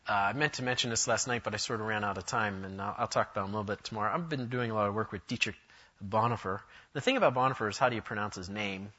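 Bright-voiced man lecturing with humor. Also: lowish voice, racing, dull audio. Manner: humorous, digressive, enthusiastic. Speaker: church history lecturer. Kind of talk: conference lecture.

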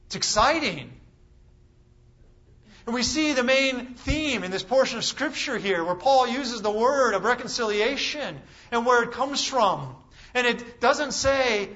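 A man delivers a sermon in a high, bright, forceful voice. He preaches with emphasis, asks the room rhetorical questions and leans on dramatic pauses. The recording is slightly dull and lo-fi. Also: expressive.

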